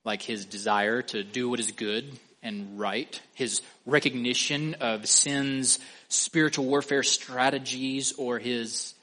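A man preaching an expository sermon, emphatic, asking the listeners questions and slowing down or speeding up for stress. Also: medium pitch, fairly even intonation, sharp tone. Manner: emphatic, asks the listeners questions, varies pace and volume for stress.

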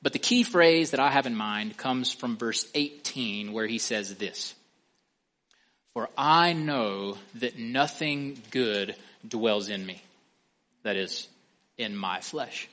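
A man's voice: mid-range voice, takes it slowly, pushed and bright. Man preaching with emphatic rhythm. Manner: emphatic, asks the listeners questions, varies pace and volume for stress. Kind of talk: expository sermon.

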